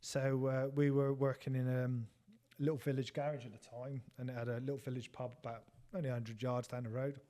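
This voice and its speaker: A man's voice: mid-range voice, flat delivery, a little fast, hardly any pauses, warm tone. A man with an English accent telling rambling, laughing anecdotes in casual chat, swearing freely. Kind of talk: casual storytelling banter.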